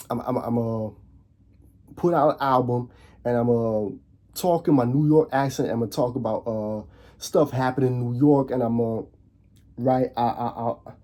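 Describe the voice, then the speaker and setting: In a casual rant to camera, a Dutch man who does commentary vlogs speaks with a warm, medium-pitched voice. He tends to repeat himself, restarts a lot and leans on rhetorical questions.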